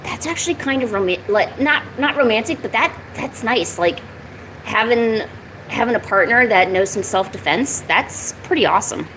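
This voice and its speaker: A woman's voice: a little high, expressive, moderate pace, fairly bright tone, slight background noise, rough recording. A woman chatting casually on her art live stream, talking to viewers and cooing at her cat between drawing. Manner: chatty, coos baby talk to her cat.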